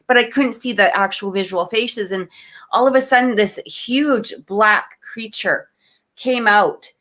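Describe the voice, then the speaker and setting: A woman from Canada, co-hosting a podcast, tells a personal story in a lively, emotional way, full of restarts and fillers. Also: mid-range voice, measured pace. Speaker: podcast co-host. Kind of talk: casual storytelling in an interview.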